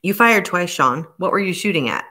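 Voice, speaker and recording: A woman reading the part of a stern male police inspector who speaks slowly and grimly. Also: on the low side, expressive, pushed and bright. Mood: probing. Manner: slow, measured and grim.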